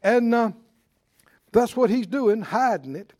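Animated, high-voiced male preacher. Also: takes it slowly. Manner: animated, acts out Bible figures with chuckles. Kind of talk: sermon.

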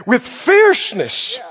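Very high-pitched fiery male preacher. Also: a bit bright, breathy edge, lo-fi sound. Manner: fiery, colloquial preaching with mocking asides. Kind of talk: sermon.

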